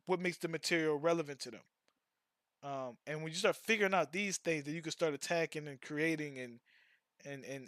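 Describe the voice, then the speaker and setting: A man's voice: on the high side, a bit bright, no echo, clean studio sound. A man who streams and makes music, chatting loosely with his viewers in slang, swearing freely and repeating himself. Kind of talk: casual live-stream chat.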